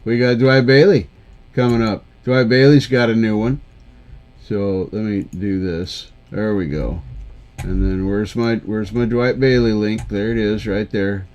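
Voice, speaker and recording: A man's voice: lowish voice, fairly even intonation, measured pace, darkish tone. A man hosting a live karaoke stream, chatting casually with viewers in a rambling, self-deprecating way. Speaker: livestream karaoke show host.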